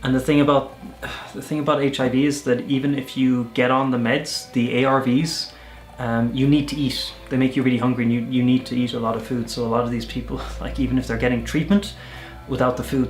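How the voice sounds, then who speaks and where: A young Irish man telling travel stories in a casual vlog, chatty and animated, often restarting his sentences. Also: medium pitch, brisk, echoey room, soft background music. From Ireland. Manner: chatty, animated storyteller with self-corrections. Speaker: volunteer vlogger.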